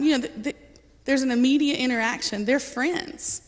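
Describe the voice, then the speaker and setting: A woman's voice: fairly high pitch, quick pace. Woman giving a testimony in a church. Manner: casual and earnest, with frequent ums and light laughter. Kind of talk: personal testimony to a congregation. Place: church sanctuary. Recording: reverberant church hall.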